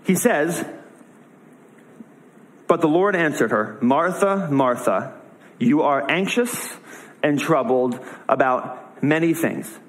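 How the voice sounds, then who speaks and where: A young man gives a relaxed, conversational sermon. His voice sits a little high. He retells the story in his own words and slips into quick voiced asides. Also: low-quality recording. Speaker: preacher. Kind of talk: casual sermon.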